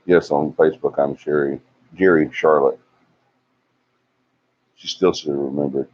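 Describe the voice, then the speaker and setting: A man hosts a casual livestream, chatting and teasing as he reads out viewer comments. His voice sits low and deep, and the audio is a little muffled, like a lo-fi stream. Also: steady tone, unhurried, darkish tone. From Alabama. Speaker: livestream host. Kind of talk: casual live chat reading comments.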